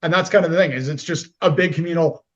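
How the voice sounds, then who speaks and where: A man's voice: on the high side, fast talker, lo-fi sound. A man talking as a podcast guest in casual conversation, animatedly acting out the voices of people he describes. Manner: animated, acts out quoted voices.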